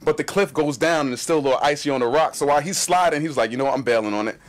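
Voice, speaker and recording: A man telling a personal story in casual chat, animated and acting out what people said. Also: a little high. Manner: animated, fast-talking storyteller acting out quotes.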